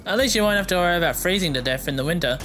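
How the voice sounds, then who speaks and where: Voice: medium pitch, expressive, racing, a bit bright, slight background noise. A gamer giving let's play commentary, joking, swearing freely and talking back at the enemies on screen. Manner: joking, talks to the enemies and the game. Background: game music.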